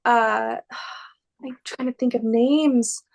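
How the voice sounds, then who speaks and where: A woman's voice: on the high side, fairly even intonation, very slow, vocal fry. A woman actress answering interview questions in a casual, rambling and gushing way, full of fillers. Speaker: actress guest.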